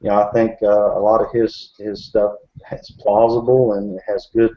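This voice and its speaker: This fairly low-pitched man shows little pitch movement and talks at normal speed. As a Bigfoot researcher in a casual group discussion, he rambles, often filling gaps and restarting, and the recording is dull and lo-fi.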